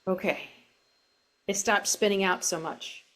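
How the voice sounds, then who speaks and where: A middle-aged woman coach speaking gently and reflectively as an interview guest, over a video call from home. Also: medium pitch, moderate pace, a little hiss or hum. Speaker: self-compassion coach. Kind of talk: interview guest, casual explanation.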